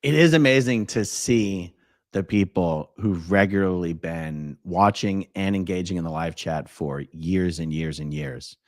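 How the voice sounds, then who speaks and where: Low-pitched man hosting a livestream, relaxed comment reader, dry close mic. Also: a little slow, no echo. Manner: relaxed, reads comments aloud with small asides. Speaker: livestream host. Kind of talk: casual livestream chat, reading out chat messages.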